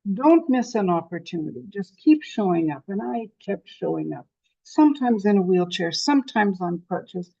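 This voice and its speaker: A Canadian woman past sixty-five, giving a lively motivational talk and telling her story with self-deprecating humor. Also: medium pitch, normal speed, gravelly, dry recording, highs cut off. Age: over 65. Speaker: conference speaker.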